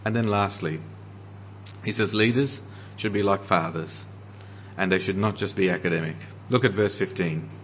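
An earnest man preaching a sermon as pastor, slowing down to stress the scripture he quotes. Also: sits low, slight background noise.

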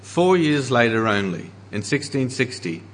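An earnest man preaching a sermon as pastor, slowing down to stress the scripture he quotes. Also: mid-range voice, sing-song, slight background noise.

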